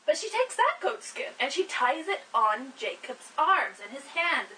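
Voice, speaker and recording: A woman hosting, retelling an old story in a casual, wry and animated way. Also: high voice, a little slow, distant mic, slight background noise, poor audio. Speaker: host.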